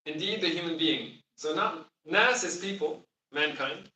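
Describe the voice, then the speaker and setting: A man's voice: a little high, unhurried, bright, forceful tone. A man teaching a class on the Arabic of the Quran, explaining patiently and asking the students questions. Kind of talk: classroom lesson. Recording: roomy sound from far off.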